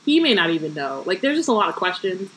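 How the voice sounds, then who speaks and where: A woman's voice: fairly low pitch, sing-song, fast, slight background noise, rough recording. Young woman reading a book aloud, chatty. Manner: reads book passages aloud with asides and jokes. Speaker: podcast co-host.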